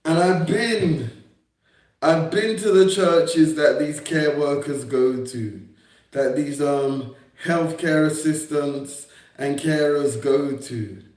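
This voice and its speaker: A man's voice: fairly high pitch, slow, darkish tone. A young man on a livestream, rambling and confrontational, repeating himself and swearing at his critics. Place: indoor room on a livestream. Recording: echoey room.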